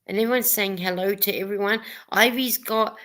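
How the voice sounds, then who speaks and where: A woman co-hosts a casual live chat, reading viewer comments aloud with easy laughter. Her voice is bright and forward. She talks in a warm, rambling, encouraging way. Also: mid-range voice, steady tone, moderate pace. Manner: chatty, reads comments aloud, laughs often. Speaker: livestream co-host reading chat.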